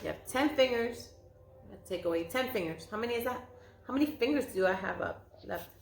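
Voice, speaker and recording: A woman's voice: fairly high pitch, lively intonation, fairly quick, vocal fry, roomy sound, background noise. A woman teaching a circle-time lesson to young children, speaking in a patient, sing-song way and drawing out her words. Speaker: preschool teacher.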